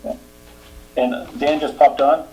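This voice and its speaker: A man with a Boston accent chairing a town meeting, reading announcements steadily and trailing off quietly. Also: a little high, flat delivery, takes it slowly, muffled recording. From Boston area. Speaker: board chair.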